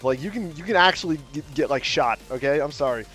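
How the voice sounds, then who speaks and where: A man's voice: a little high, brisk, few pauses, breathy edge. Rambling, profane young man streamer. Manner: rambling, profane, lots of filler and restarts; gets loud and animated when ranting. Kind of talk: casual stream chat while drawing. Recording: faint music behind.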